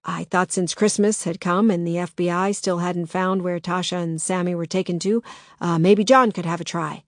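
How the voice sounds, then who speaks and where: A woman's voice: on the low side, fairly even intonation, normal speed, dry recording, studio quality, natural voice. A woman voicing an eager, well-meaning male businessman in a storybook, upbeat and coaxing.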